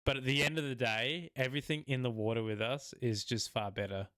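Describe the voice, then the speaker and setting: A man's voice: medium pitch, fairly even intonation, fairly quick, a bit bright, clean tone, no room sound, studio quality. A man, co-hosting a casual podcast chat, rambling and laughing often. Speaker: podcast co-host.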